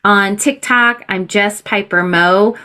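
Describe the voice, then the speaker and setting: A woman's voice: medium pitch, slow, pushed and bright, clean tone. Earnest, emphatic Southern-raised woman guest. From Southern United States. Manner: earnest and emphatic, with laughs and restarts. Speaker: guest, political candidate. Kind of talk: casual conversational interview.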